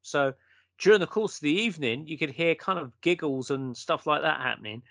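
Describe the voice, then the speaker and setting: A man's voice: fairly high pitch, a little fast, fairly bright tone, dry recording. A man, a guest telling a story in a casual conversation and acting out the quotes.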